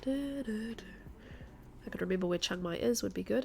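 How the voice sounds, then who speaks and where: A woman's voice: mid-range voice, normal speed, gravelly, warm tone, slight background noise. A woman streaming a guessing game, thinking aloud and chatting to her viewers. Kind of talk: live-stream gameplay chat.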